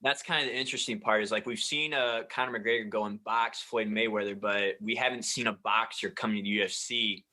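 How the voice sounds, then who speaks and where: A man's voice: lowish voice, fairly even intonation, brisk, few pauses, pushed and bright, low-quality recording. A man co-hosting a sports podcast in casual chat, explaining things at length with plenty of "like" and "kinda" fillers.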